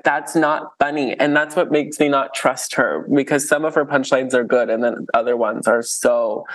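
A man co-hosting a podcast, chatting casually about music, animated, laughing often and using many fillers. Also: fairly high pitch. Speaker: podcast co-host. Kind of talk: casual chat reviewing an album.

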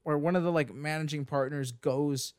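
A man's voice: a little high, clear, resonant tone, no echo, clean studio sound. Laughing casual Canadian man. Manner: animated, laughs often, halting restarts. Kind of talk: casual chat.

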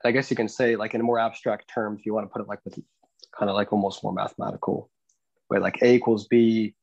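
A man's voice: on the low side, level tone, creaky, darkish tone, dry recording, muffled recording. A young man co-hosting a casual podcast, explaining things hesitantly and restarting his sentences often. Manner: hesitant, many restarts and fillers, explaining slowly. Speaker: podcast co-host.

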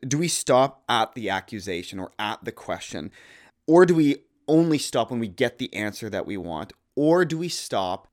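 A man in his thirties, a podcast co-host, talking through theology in an earnest, thoughtful way and quoting Scripture aloud. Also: on the low side. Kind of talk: casual theological discussion.

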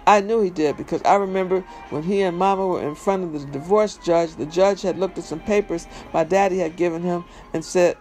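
A man with a high voice reads a memoir aloud, telling it in an emphatic, conversational way. Faint music plays underneath him. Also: fairly even intonation, brisk, hardly any pauses, darkish tone. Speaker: reader. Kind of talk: memoir reading.

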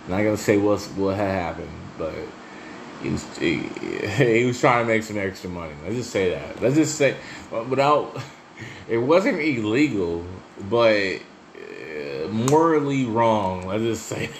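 A man's voice: on the low side, unhurried, gravelly, slight background noise. A man hosting his own podcast, telling casual, profane stories and laughing as he goes. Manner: laughs often, swears freely, chatty and animated when telling stories. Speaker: solo podcast host. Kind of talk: casual profane storytelling monologue.

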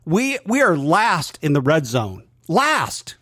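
A man's voice: a little high, wildly swooping pitch, slow, a bit bright, no room sound, studio quality. A male podcast co-host talking sports in an earnest, lecturing way.

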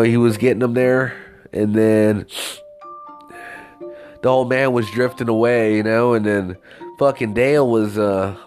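A man telling a story in a casual, profane, rambling rant with lively swings of pitch.

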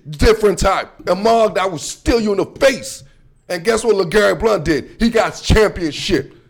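A man with a notably high voice rants about his team as the host of his own show. His delivery is loose and full of slang, emphatic, and now and then he breaks into shouting. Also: gravelly. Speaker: sports commentary host. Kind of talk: casual sports rant.

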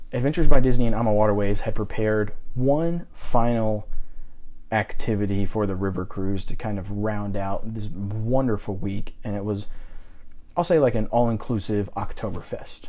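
Casual podcast co-host, American man, mellow low-key tone, animated storyteller. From United States. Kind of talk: casual travel chat.

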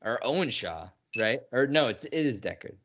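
A man's voice: medium pitch, normal speed. A man co-hosting a podcast, recapping a film in casual, profane chat and acting out scenes. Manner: animated, profane, acts out lines from scenes. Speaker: podcast co-host. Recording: dull lo-fi podcast audio.

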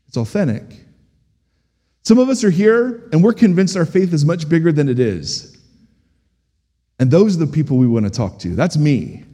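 A middle-aged man preaching a sermon as a pastor, animated and humorous, asking the congregation questions. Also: fairly high pitch. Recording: long hall reverb.

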